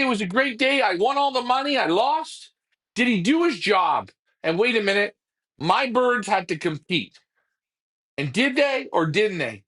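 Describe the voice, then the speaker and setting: A man's voice: high voice, pushed and bright. A man co-hosting a casual live discussion, talking in an emphatic, preachy way, repeating his points and swearing.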